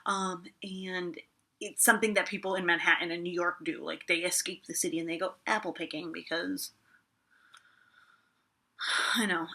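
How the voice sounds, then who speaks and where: A woman's voice: lowish voice, brisk. A woman in her twenties telling a story in a casual vlog, chatty and full of fillers and swearing. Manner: chatty, swears a lot, many "like" fillers, laughs often. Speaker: vlogger.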